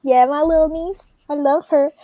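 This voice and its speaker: Young woman guest on a stream, kinda high voice, giggly and rambly, dry sound. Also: steady tone, moderate pace, dry recording, dull audio. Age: young adult. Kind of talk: casual livestream chat.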